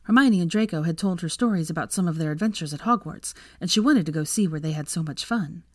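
Low-voiced woman reading a story. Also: quick pace, dry recording, clean studio sound. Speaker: fanfiction reader. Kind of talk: audiobook narration.

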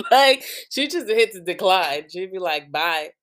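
A woman's voice: mid-range voice, expressive, slow pace. A young woman from New Jersey hosting a podcast, chatting casually and rambling, with many "like"s and frequent laughs. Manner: rambling, heavy use of "like", laughs often. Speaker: podcast host. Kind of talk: casual chat.

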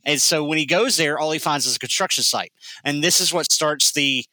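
Bright-voiced man explaining a plot point. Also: a little high, moderate pace, hardly any pauses, no echo, low-quality recording. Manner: explanatory, emphatic, easygoing. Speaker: podcast co-host. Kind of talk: casual movie review chat.

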